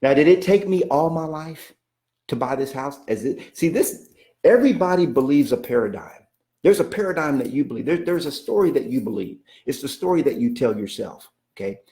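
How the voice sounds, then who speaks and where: A man's voice: mid-range voice, expressive, a little fast, mellow. A middle-aged man, a coach, telling a story in a casual, folksy way with many restarts. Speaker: real estate coach. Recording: echoey room.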